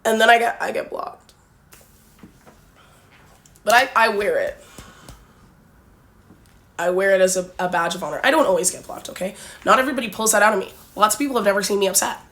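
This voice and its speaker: A woman's voice: medium pitch, quick pace, a bit bright. Blunt young Canadian woman telling stories. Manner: blunt, forward, chatty with many fillers. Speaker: vlogger. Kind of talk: casual storytime.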